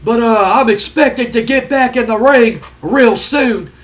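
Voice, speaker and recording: A man imitating a gruff male wrestler answering a backstage interviewer in a plain-spoken drawl. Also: very high-pitched, measured pace, pitched above the performer's own voice. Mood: matter-of-fact.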